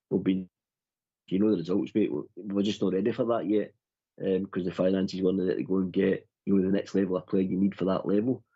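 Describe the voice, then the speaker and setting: A man hosts a football fan phone-in in an easygoing, matey way, leaning on "mate" every few phrases. His voice sits low with a husky edge. The sound is muffled and lo-fi. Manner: matey, calls the other man "mate" constantly. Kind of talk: casual chat. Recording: dull lo-fi audio.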